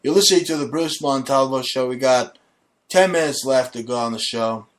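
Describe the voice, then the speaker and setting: A radio show host chats casually on his own talk show, brash, crude and mocking in a comedy vein. He has a medium-pitched voice and a moderate pace.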